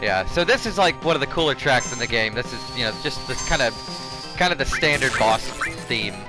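Male gameplay host, chatty and self-deprecating; mid pitch, with game music running behind. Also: lively intonation, brisk, poor audio. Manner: rambling, chatty, laughs at himself. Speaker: let's play host. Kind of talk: casual gameplay commentary.

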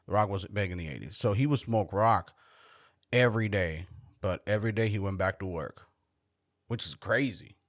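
A man's voice: lowish voice, moderate pace, dry recording. Foul-mouthed male host, loose rambling monologue, dry and dull lo-fi sound. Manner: profane, blunt, joking. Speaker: podcast host.

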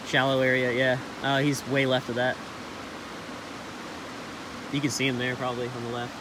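A slightly hoarse man talks in a relaxed, chatty way, narrating an outdoor vlog. His voice sits in a mid-low pitch. Rushing stream water hisses clearly behind him. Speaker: outdoor vlogger.

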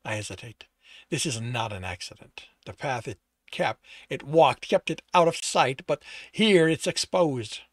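A man's voice: mid-range voice, measured pace, dry recording. Man narrating, correcting slips, dry. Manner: rereads and corrects his own slips. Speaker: author reading his own novel. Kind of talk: first-person audiobook narration.

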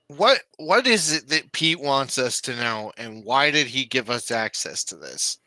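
A man at a tabletop game who wonders aloud what is going on. His voice is bright and moves around a lot in pitch, and it is recorded dry with no room echo. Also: big pitch swings, measured pace. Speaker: player. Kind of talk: casual tabletop game chat.

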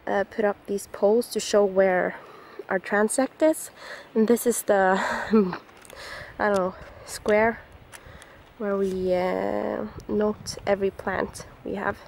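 A woman's voice: mid-range voice, fairly even intonation, slow, gravelly, slight background noise. A young woman in her twenties chatting enthusiastically to a handheld camera outdoors, laughing often. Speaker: student vlogger. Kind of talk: casual vlog chat. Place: outdoors in the countryside.

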